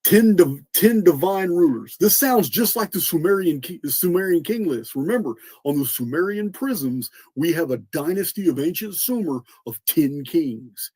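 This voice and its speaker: A man's voice: fairly high pitch, gravelly, a little mellow, breathy edge, dry recording. A man hosting a podcast, explaining in an earnest lecturing monologue, often restarting words and spelling out names, with a bit of a cough. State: coughing, clearing throat. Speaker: podcast host.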